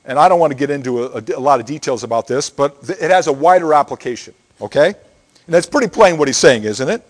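A man's voice: fairly high pitch, lively intonation, fast talker. A middle-aged man preaching a sermon in a conversational way, often checking in with "okay?". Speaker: pastor.

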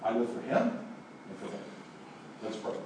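Male pastor, storytelling sermon, warm low tone, recorded from a distance in a reverberant church. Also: big pitch swings, measured pace, slight background noise. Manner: storytelling, swings from hushed to emphatic. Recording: echoey room, voice from a distance.

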